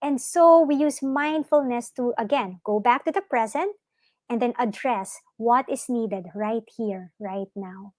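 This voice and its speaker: In a live online session for parents about mindfulness and yoga, a woman with a rather high voice speaks gently and encouragingly, frequently posing questions to her audience. She's recorded up close and dry with no room sound or echo, and her pace is a little slow.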